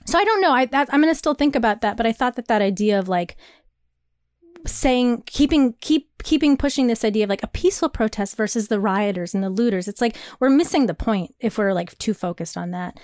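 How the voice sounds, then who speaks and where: A woman's voice: fairly high pitch, animated, brisk, a little mellow, no room sound. Young woman rambling on a podcast, lots of likes and laughs, dry sound. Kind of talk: casual chat. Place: New York.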